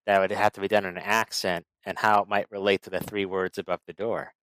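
A man with a smooth, fairly low voice, talking in a measured, thoughtful way and asking his co-host questions. The sound is dry and close, without any room echo. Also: little pitch movement, fairly bright tone. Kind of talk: casual chat.

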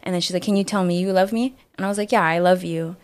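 A young woman guest telling a personal story in a casual interview, lively, acting out the voices she quotes and leaning on filler words. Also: on the low side, fast, clear, resonant tone. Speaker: guest, singer-songwriter.

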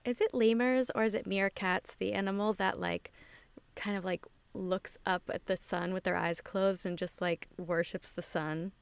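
A woman's voice: medium pitch, steady tone, moderate pace, gravelly, smooth, dry recording. A woman on a casual podcast who asks playful, curious questions.

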